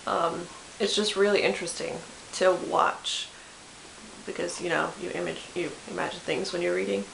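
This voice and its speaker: A book vlogger in her twenties, with a lowish, creaky voice, chats casually about books she loves. She's self-deprecating and chatty, full of fillers, self-corrections and restarts. The room is echoey, with a faint hiss.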